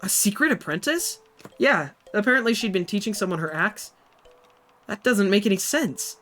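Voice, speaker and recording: A woman's voice: mid-range voice, animated, moderate pace, a bit bright, soft background music, close to an everyday voice. A woman voicing a defensive young female circus performer in a game, answering with curt, dismissive retorts.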